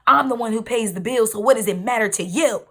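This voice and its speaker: A woman's voice: a little high, fast, a bit bright. A woman quoting an angry cursing father. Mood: scolding. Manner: harsh, scolding.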